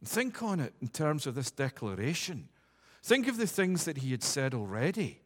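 A man delivers a sermon in a slightly high voice, building emphatic repeated phrases that climb in force. His voice rings out with a long reverb tail, as in a large church hall. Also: sing-song, moderate pace. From United Kingdom. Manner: emphatic, building repeated declarations to a rising pitch. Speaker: preacher.

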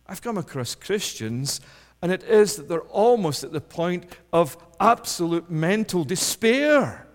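A man preaches with fervent intensity, his somewhat high voice rising to loud pleading cries before dropping low and quiet. His words ring out with a long reverb, as if filling a large church. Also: sing-song, measured pace. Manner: rises to impassioned, loud pleading then drops low and soft. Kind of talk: sermon.

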